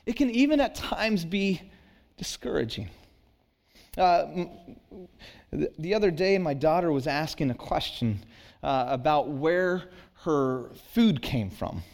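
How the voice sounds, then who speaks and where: A man in his thirties delivers a sermon in a conversational, earnest tone. His voice sits a bit high for a man, and he climbs into emphatic peaks on the key lines. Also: expressive, measured pace, a little mellow. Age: 30s. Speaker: pastor.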